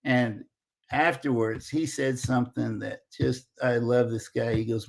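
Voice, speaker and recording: A man in his sixties, an interview guest telling a lively anecdote and acting out the dialogue. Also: medium pitch, unhurried, gravelly. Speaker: interview guest, former Olympic wrestler. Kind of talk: casual storytelling.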